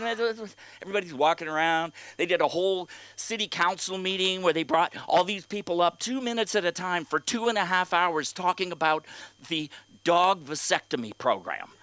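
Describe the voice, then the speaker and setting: A man from California working through a stand-up set, his pitch a touch high and swinging widely as he rants. He stumbles over fillers and restarts and lets exasperated, crude complaints pile up. The sound is dry and close. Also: bright, forceful tone, dry recording. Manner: rambling, halting delivery with many fillers and restarts. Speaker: open mic comedian. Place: comedy club stage.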